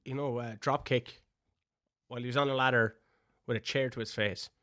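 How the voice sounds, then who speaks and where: An Irish man co-hosting a wrestling podcast in casual chat, teasing his co-hosts with quick interjections. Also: medium pitch, steady tone, bright, forceful tone, no room sound, clean studio sound. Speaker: podcast co-host.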